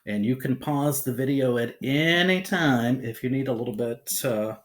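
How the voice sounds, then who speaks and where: A man teaching a phonics lesson to young children, sounding out each letter patiently and checking in cheerfully. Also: normal speed. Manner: lively pitch, rising on cheerful check-ins.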